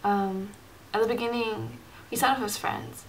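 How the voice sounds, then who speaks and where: A woman's voice: medium pitch, big pitch swings, normal speed, a little hiss or hum, rough recording. A woman vlogging casually into her camera, rambling with many fillers and acting out remembered conversations. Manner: rambling, many fillers, acts out quoted dialogue. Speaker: Christian vlogger. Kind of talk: casual personal vlog.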